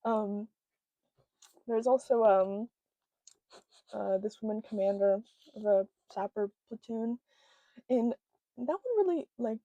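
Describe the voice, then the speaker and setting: A woman talks about a book in a casual vlog, her voice sitting a little high but mellow and soft-edged. She speaks in an emotional, halting way, full of fillers. The close microphone gives a dry, intimate sound. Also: no echo, dull audio. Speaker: book vlogger. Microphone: own microphone close up.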